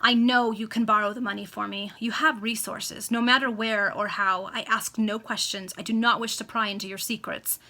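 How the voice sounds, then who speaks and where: A woman's voice: mid-range voice, fairly even intonation, normal speed, few pauses, pushed and bright. A woman reading as a desperate baronet husband. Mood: urgent pleading. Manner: urgent, pleading. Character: flushed, desperate middle-aged baronet husband. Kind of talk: amateur read-aloud of a classic novel.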